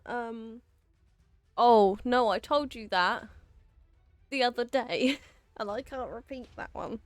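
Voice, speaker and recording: Giggly girl streamer just chatting w her viewers, kinda high voice, bit of music in the back. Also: lively intonation, slow, long pauses. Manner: chatty, giggly, talks straight to chat. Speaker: game streamer. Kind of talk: casual live-stream chat to viewers.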